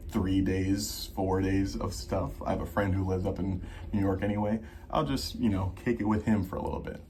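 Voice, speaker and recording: A young man tells a casual storytime in a low-pitched voice, acting out his side and the other side of each phone call. A faint steady hum runs under the recording. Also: vocal fry. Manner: animated storytelling, acts out both sides of the calls. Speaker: vlogger.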